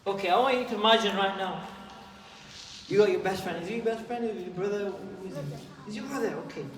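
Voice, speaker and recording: A man giving a lively talk to children at a mosque, acting out little dialogues and asking them questions. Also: sits high, fast talker. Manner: playful, acts out dialogues, asks the kids questions. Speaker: youth speaker at a mosque. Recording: echoey hall, mic from a distance, audience noise.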